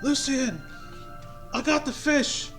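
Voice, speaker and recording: A man voicing a spunky, high-energy young male monk who shouts with excitement. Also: slow pace, music in the background, heavily acted. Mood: excited.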